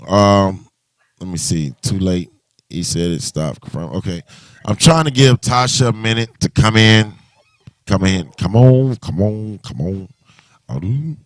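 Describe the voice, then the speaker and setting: Deep-voiced man hosting a casual livestream. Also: expressive, unhurried, pauses often, no room sound, studio quality. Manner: loose, rambling, with many restarts. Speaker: livestream host.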